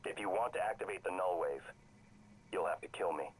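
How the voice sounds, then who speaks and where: An actor playing a calm male operator robot in a video game, speaking in a measured, formal way. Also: sits low, slightly rough, rough recording. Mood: grave. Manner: measured, formal, deliberate delivery.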